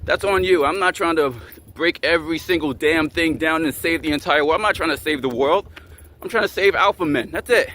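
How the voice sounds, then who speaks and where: A man's voice: fairly high pitch, a little fast, sharp tone. A man hosting his own channel, ranting angrily at the camera, swearing and repeating himself. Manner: angry, repetitive and profane. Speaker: channel host.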